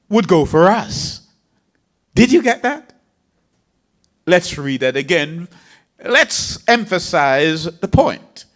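High-pitched, animated male preacher. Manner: dramatic, emphatic scripture reading. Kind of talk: sermon.

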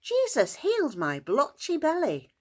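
A woman voicing a suffering man with leprosy who pleads for help, in a high, excited voice. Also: a little slow, exaggerated voice. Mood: overjoyed.

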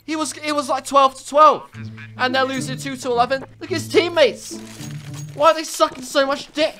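A woman doing ranting game commentary, loud, profane and mocking, swinging between shouting and muttering. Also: sits high, normal speed, long pauses. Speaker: gaming commentator. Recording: voice over loud background music. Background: background music.

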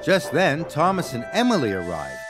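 An American man narrating a children's story in an expressive storyteller manner. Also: fairly high pitch, normal speed, over music.

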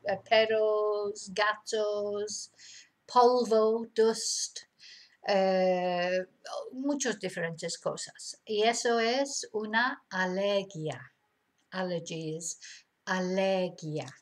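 A middle-aged woman teaching vocabulary in a casual lesson, chatty and slowing down to repeat words clearly. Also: mid-range voice, fairly even intonation, poor audio. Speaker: language teacher. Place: home in Spain.

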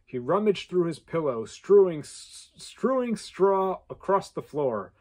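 Guy reading a story out loud, kinda husky, really animated. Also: sits high, measured pace. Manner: animated reading with playful asides. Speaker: contest entry reader.

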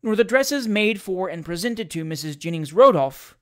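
A reader narrating a comic classic story aloud. The delivery is lively and theatrical, with a dramatic sense of timing. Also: medium pitch, normal speed. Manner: lively, theatrical narration with shouted character lines.

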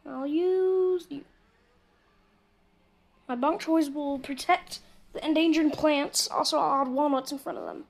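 A woman's voice: sits high, measured pace, vocal fry, long pauses. A woman casually commentating a mobile game, chatting to viewers and muttering asides as she plays. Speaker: gameplay commentator. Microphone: phone screen recording mic.

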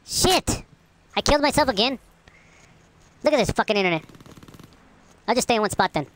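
Loud swearing woman gaming. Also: on the high side, animated, slight background noise. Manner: loud, swearing, quick to laugh and complain. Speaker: gamer, channel host. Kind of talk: casual gameplay commentary. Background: game gunfire and explosions.

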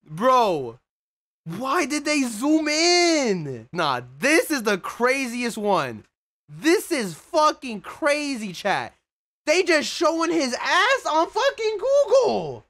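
This livestreamer, a young man of Mexican heritage, speaks extremely slowly with a very high pitch as he casually chats with viewers. His talk is profane and excitable, with abrupt shouts and laughter.

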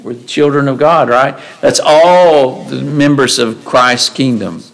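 Male preacher, mid-pitched voice, conversational delivery with rhetorical questions, reads scripture aloud in a church service. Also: unhurried, vocal fry, rough recording. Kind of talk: sermon. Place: church sanctuary.

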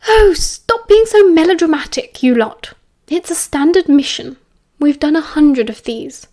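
Woman voicing a brisk young mother, British accent, lightly scolding, high voice, audiobook. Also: expressive, warm tone. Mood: brisk fond.

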